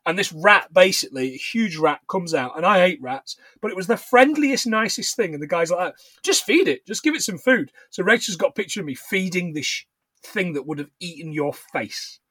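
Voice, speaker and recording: A man, an animated, swearing podcast co-host recapping a film in casual chat. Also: high voice, breathy edge, dry recording. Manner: animated, swearing, quick to laugh.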